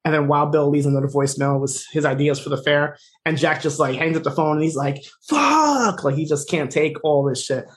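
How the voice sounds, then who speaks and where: Fast-talking man recapping a show. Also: a little high, flat delivery. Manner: rapid, filler-heavy retelling, acting out quoted lines. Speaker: podcast co-host. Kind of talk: casual recap chat.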